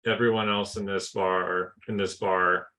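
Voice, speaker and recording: A man's voice: low-pitched, little pitch movement, unhurried, bright, forceful tone, poor audio. A man playing a tabletop game, explaining his moves in a rambling way with many fillers. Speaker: player. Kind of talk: casual tabletop play.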